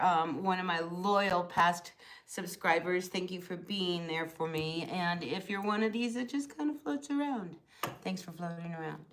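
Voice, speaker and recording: A woman with a New Jersey accent, chatting loosely through a live tarot reading with lots of fillers. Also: lowish voice. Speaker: tarot reader.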